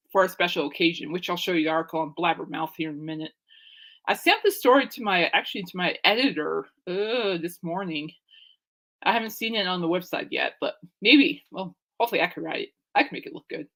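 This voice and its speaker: Rambling woman podcast host, lowish voice. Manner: rambling, animated, laughs often, jumps between thoughts. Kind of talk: casual rambling chat.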